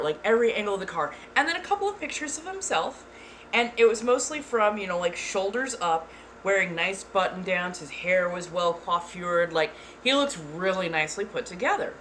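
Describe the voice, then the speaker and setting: Bright-voiced woman telling a casual story. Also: fairly low pitch, a little hiss or hum. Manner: animated, swears freely, exclaims. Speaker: ASMR channel host.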